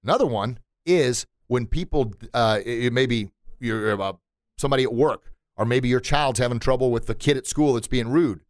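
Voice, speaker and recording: A man who runs a martial arts school talks on his podcast in a mid-range voice. He is animated and motivational, often slips into little acted voices and laughs at his own jokes. The sound is dry and close, with no room echo. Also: mid-range voice, moderate pace. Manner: animated, acts out quotes and sounds, laughs at himself.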